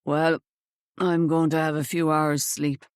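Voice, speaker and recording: A woman voicing a weary, sheepish, hungover middle-aged uncle who mumbles in a low, weak voice. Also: flat delivery, unhurried, clean tone, no room sound, studio quality.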